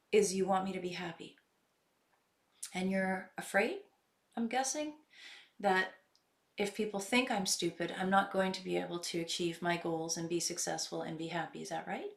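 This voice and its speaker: Earnest woman coach in an echoey room. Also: on the low side. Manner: earnest and reflective, slows down to stress points. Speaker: self-help recovery coach. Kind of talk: instructional self-help talk.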